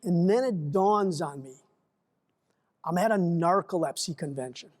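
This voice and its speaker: Animated man telling a story. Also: high voice, a little slow. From United States. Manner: animated, acts out the dialogue in his stories. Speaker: keynote speaker. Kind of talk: storytelling keynote speech.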